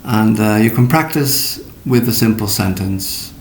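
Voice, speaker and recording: A middle-aged man teaching English pronunciation, speaking slowly and deliberately with fillers and spoken demonstrations. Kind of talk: recorded pronunciation lesson. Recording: echoey room with faint rumble.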